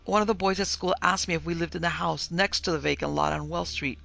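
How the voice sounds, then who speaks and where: A man's voice: a little high, fairly even intonation, fast, vocal fry, bright, forceful tone, full character voice. A narrator voicing a sullen teenage boy who speaks resentfully.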